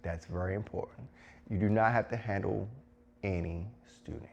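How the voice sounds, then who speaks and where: Emphatic, preachy low-voiced man. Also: fairly even intonation, normal speed, creaky, darkish tone, dull audio. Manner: emphatic, preachy, repeats phrases for stress. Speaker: educator giving advice to teachers. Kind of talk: direct-to-camera advice talk.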